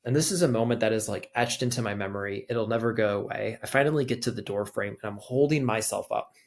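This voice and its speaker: This young adult guest on a podcast tells a personal story casually and loosely, filling it with "like." His voice is lowish and fast, with vocal fry.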